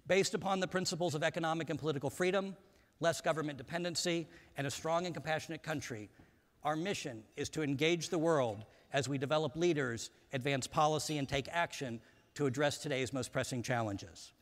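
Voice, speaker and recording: Male speaker, slightly raised pitch, formal measured stage speech, long hall reverb. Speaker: conference speaker introducing a panel. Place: large conference hall.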